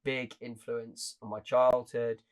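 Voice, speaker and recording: A man's voice: medium pitch, flat delivery, slow, clean tone. A young man in his twenties co-hosting a podcast, chatting casually and earnestly with many restarts. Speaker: podcast co-host. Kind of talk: casual chat.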